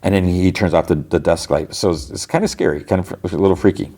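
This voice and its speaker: A deep-voiced man hosts a podcast and walks through an episode scene by scene. He talks casually, stringing along fillers like "like" and restarting his sentences as he goes. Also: quick pace, warm tone. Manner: rambling retelling of scenes, heavy use of "like". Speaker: podcast host.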